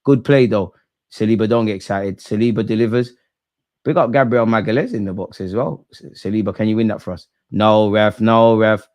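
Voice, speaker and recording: Speaking a little fast, the young host of a live football watch-along keeps things animated and heavy on slang. His volume swings from loud eruptions down to quiet mumbling.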